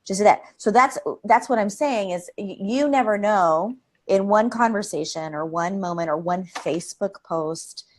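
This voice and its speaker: Woman guest, lively, rambling delivery, interview setting. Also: mid-range voice, moderate pace, a little hiss or hum. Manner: energetic, rambling, laughs often. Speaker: creativity expert guest. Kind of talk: live interview conversation.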